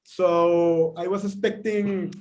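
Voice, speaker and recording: A man hosting a live-streamed interview on a video call, Spanish his first language, speaking haltingly with many fillers. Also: high-pitched, fairly even intonation, darkish tone. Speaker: interview host.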